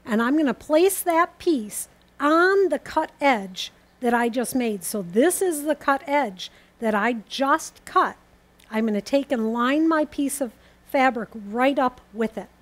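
Woman, high pitched, methodical host walking viewers through a sewing demo. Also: a little slow. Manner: calm, methodical, explains each step as she works. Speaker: quilting teacher. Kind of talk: step-by-step sewing demonstration.

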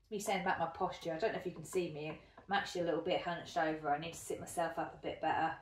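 A woman's voice: low voice, steady tone, rapid-fire. A woman chatting casually in a craft vlog while she works, self-deprecating and thinking aloud. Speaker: hobby spinner vlogger. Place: indoor room at a spinning wheel. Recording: echoey room from a distant mic.

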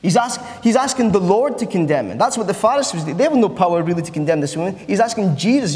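A man's voice: high-pitched, lively intonation, quick pace, a little mellow. A man preaching a sermon as pastor, earnest and repeating phrases for emphasis. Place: church. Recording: long church reverb.

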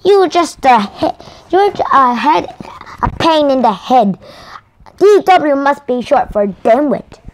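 Woman voicing an annoyed young boy, storybook, exasperated, lively pitch. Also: slow, a little hiss or hum.

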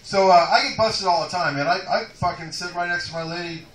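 Loud, profane man doing stand-up. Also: sits high, a little fast, distant mic. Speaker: stand-up comic. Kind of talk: stand-up comedy set. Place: comedy club stage. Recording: echoey club room, mic from afar.

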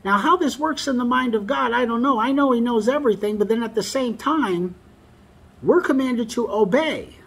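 A preacher delivers a sermon in a husky, breathy, very high-pitched voice with a fairly bright tone at a moderate pace. He reads scripture aloud and drives his points home emphatically, repeating the most important lines.

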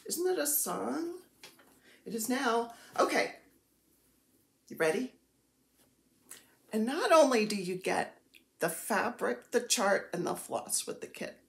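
A woman's voice: on the high side, very animated, slow, vocal fry, pauses often, reverberant. A woman vlogging casually about her cross-stitch projects, chatty and self-deprecating, gushing over the supplies she shows. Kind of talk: casual chatty show-and-tell.

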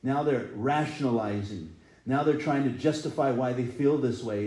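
A man's voice: mid-range voice, normal speed, darkish tone, roomy sound, poor audio. A middle-aged man preaching a sermon earnestly, sometimes acting out people's cries. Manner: earnest, rises and falls in intensity, acts out quoted cries. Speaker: pastor. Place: church sanctuary.

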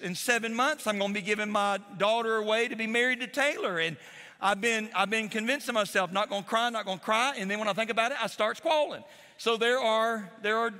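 A middle-aged pastor delivers an animated, emotional sermon, stumbling and repeating words as he tells his stories. His voice sits high and bright, and it rings out with a long reverb through a large church hall. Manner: animated, emotional storytelling with repetitions.

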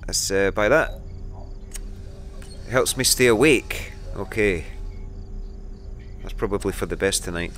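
A man's voice: lowish voice, a little slow, pauses often, fairly bright tone. Jumpy, sweary man gaming. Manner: jumpy, sweary, talks to himself. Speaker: gamer. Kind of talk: let's play commentary.

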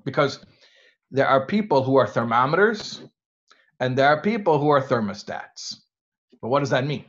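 A rabbi with an American accent gives a conversational lecture to students, drawing them in with rhetorical questions, in a slightly muffled recording. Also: male voice, medium pitch, expressive, moderate pace. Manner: engaging, asks rhetorical questions.

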